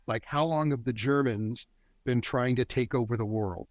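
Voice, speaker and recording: A man's voice: mid-range voice, dry recording. A middle-aged man, a men's work facilitator, talking as a guest in a reflective interview in an earnest, teaching tone. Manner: earnest, teaching tone that speeds up and slows down. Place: a warm, quiet spot with a generator running nearby.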